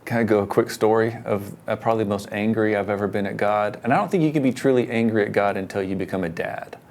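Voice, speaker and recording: A middle-aged man, a pastor, telling personal stories in an earnest, casual conversation, getting animated when he quotes himself. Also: on the low side, fast talker. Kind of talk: casual conversation about faith.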